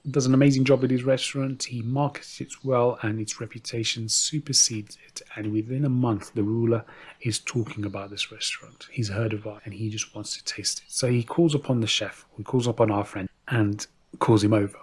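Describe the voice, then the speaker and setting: A man's voice: medium pitch, steady tone, fairly quick, darkish tone, slight background noise. A man telling a folk tale in a chatty, casual way, often turning to the listeners with asides. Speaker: storyteller. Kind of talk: casual oral storytelling.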